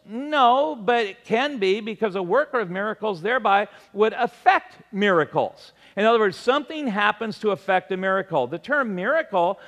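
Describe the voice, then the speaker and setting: A man's voice: sits high, lively intonation, moderate pace, hardly any pauses, a bit bright. An older man preaching a sermon, reading scripture and telling a folksy personal story with frequent restarts. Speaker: pastor.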